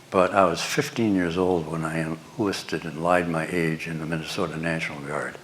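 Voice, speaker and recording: Older guy spinning funny stories at a lecture, really low voice, bit of hiss. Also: a bit bright. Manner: wry, chuckling storyteller. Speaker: guest lecturer. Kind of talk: storytelling lecture. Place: lecture hall before an audience.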